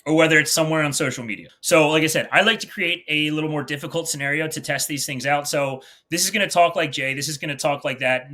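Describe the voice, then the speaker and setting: A man from New Jersey presents a software demo to gym owners while sharing his screen. He talks in a blunt, salesy way and swears casually. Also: on the high side, fast, hardly any pauses. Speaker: fitness business presenter. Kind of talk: screen-share product demo narration.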